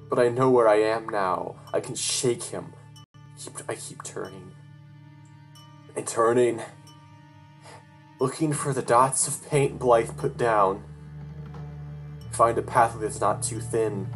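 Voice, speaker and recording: A storyteller reading a first-person horror story aloud, with an emotional, tearful delivery and frantic outbursts. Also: mid-range voice. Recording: guitar music playing behind the voice.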